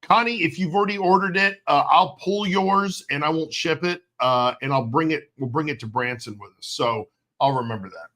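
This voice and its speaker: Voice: mid-range voice, normal speed, hardly any pauses, a bit bright. Joking sarcastic co-host. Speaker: co-host and assistant. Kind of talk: casual livestream banter.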